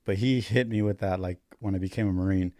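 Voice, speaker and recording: A man's voice: deep voice, steady tone, quick pace, dry recording, clean studio sound. A man in his thirties, a paramedic and Marine veteran, telling stories in casual, profane chat. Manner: profane, laid-back storytelling that grows loud and laughing.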